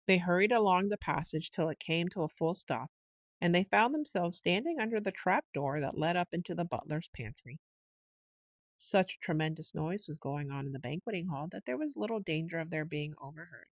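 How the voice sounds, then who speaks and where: A woman giving a slow, unhurried bedtime reading of a storybook, now and then lifting into quick character voices. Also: fairly low pitch, expressive, no room sound. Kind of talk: slow sleep-story narration.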